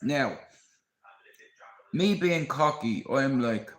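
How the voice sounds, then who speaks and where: Unhurried and fairly high-pitched, a Dublin man streaming live recounts a story to his viewers with blunt, casual energy and plenty of swearing. The audio is poor and echoes.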